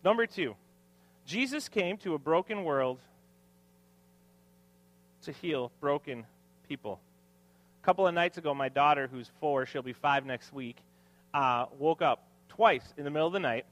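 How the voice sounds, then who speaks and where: Lively, joking male pastor preaching. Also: a little high, measured pace, long pauses. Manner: joking, self-deprecating asides to the congregation. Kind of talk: sermon. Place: church hall with congregation.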